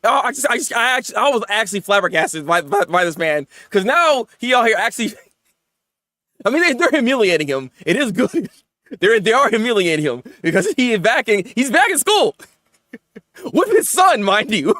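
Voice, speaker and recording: A man hosting a casual anime review, talking in an excited, rambling way, often laughing, stammering and acting out characters. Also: very high voice, no echo, clean studio sound.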